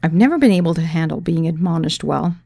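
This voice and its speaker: Brief: woman narrator, memoir read, wry and dry, gravelly low voice, dead-dry sound. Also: lively intonation, quick pace, dark tone, no echo.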